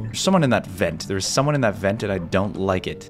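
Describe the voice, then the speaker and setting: A young man giving jumpy, excitable let's play commentary as he explores a creepy game, breaking into sudden shouts and laughs. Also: sits low, fairly quick, hardly any pauses. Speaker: gaming YouTuber.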